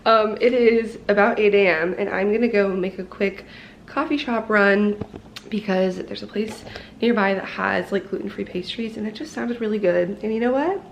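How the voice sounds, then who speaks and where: A woman's voice: mid-range voice, normal speed, creaky, lo-fi sound. A woman in her twenties talking casually to her camera in a vlog, rambling and laughing often. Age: 20s. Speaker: lifestyle vlogger. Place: apartment and city streets. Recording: echoey room, faint ambient noise.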